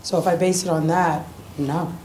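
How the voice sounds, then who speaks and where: A woman visiting a church, giving a tearful, halting personal testimony with nervous laughs. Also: lowish voice, steady tone, mellow, slight background noise.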